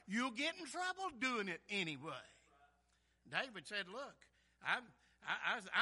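A preacher man with a high, very bright voice delivers a sermon to his congregation. He calls out "Amen?" again and again, and his lines swing from loud and driving to low and soft. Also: very animated, normal speed. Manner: preaching with call-and-response "Amen?", rising and falling loudness.

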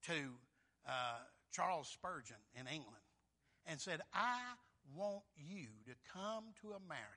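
A preacher man delivers his sermon with a very bright, ringing voice pitched fairly high for a man. His delivery is folksy and emphatic, climbing into loud, shouted peaks.

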